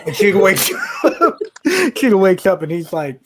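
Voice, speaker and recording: Animated high-voiced man telling a story. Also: normal speed, a crowd in the background. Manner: animated, laughing, acts out quotes in raised voices. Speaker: podcast co-host. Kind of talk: casual storytelling among friends.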